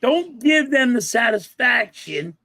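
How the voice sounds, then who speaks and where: A man's voice: very high-pitched, takes it slowly, no echo. A middle-aged man with a Philadelphia accent, co-hosting a casual podcast chat, telling stories with acted-out quotes and swearing freely. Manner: animated storyteller, acts out quotes, swears. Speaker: podcast co-host.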